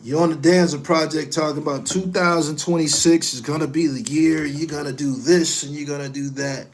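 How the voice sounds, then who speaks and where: A middle-aged man delivering a heated, profane rant, scolding someone directly and swinging between loud outbursts and low muttering. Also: steady tone, a little fast, a little hiss or hum. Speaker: commentary host.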